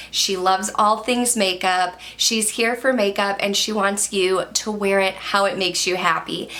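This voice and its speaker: A woman's voice: medium pitch, sharp tone. A young woman from Michigan, a beauty YouTuber, chatting casually and enthusiastically to her viewers. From Michigan, USA. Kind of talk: casual talking-head chat to camera.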